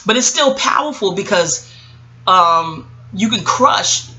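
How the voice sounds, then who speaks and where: A woman giving a casual, rambling recap of a TV show. She is profane, animated and keeps digressing. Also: medium pitch, slow, highs cut off. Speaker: YouTube TV reviewer.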